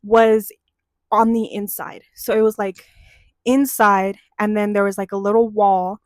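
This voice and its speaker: A young woman hosting a chat show, telling a childhood story in a casual, animated way and swearing freely as she gets heated. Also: mid-range voice, unhurried, dry recording.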